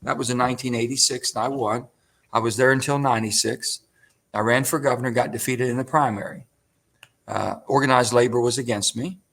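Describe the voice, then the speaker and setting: A man's voice: medium pitch, fairly quick, gravelly. An older man, a senator telling folksy stories of his start in politics as an interview guest. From West Virginia. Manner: folksy, animated retelling with acted quotes. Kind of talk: storytelling interview answer.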